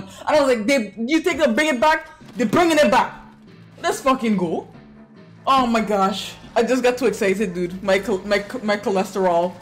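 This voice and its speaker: A streamer giving excitable reaction commentary on a game trailer, swinging between low mutters and shouts and swearing freely.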